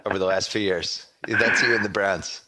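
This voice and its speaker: A man co-hosting a podcast, bantering in a quick, teasing way about football picks. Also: sits low, steady tone, heavy background noise. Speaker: podcast co-host. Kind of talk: casual sports-betting chat.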